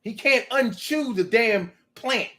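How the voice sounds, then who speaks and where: A man talking in a casual, rambling monologue, animated and profane, to his own audience. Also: extremely high pitch, slow pace. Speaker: vlogger.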